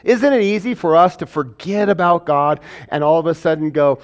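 High-voiced male preacher. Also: fast talker, few pauses, clear, resonant tone. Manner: asks and answers rhetorical questions; acts out biblical and everyday voices. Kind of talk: sermon.

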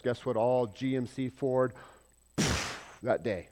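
A male preacher in mid-sermon with a middle-pitched voice. He talks in a lively, conversational way, keeps asking the congregation questions, and shifts often from loud emphasis to quiet asides. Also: slow pace. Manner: animated, asks the congregation questions, swings between loud and soft. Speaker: pastor.

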